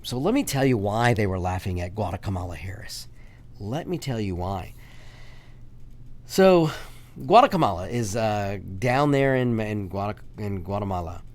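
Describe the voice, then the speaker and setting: A man hosting a political talk radio show, delivering an emphatic, repetitive monologue and calling his listeners "folks.". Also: on the low side.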